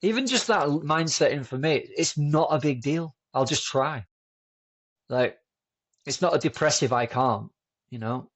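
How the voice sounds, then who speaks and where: A man as a podcast guest, chatting in a relaxed, rambling way with many fillers and restarts. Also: a little high, normal speed. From United Kingdom. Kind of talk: casual conversational storytelling.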